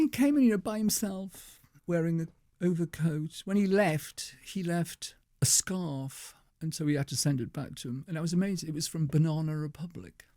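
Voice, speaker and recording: A man's voice: on the high side, a little mellow, no echo, clean studio sound. An older man telling stories as a guest on a radio show, chatty and laughing often. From England. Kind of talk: anecdotal radio conversation.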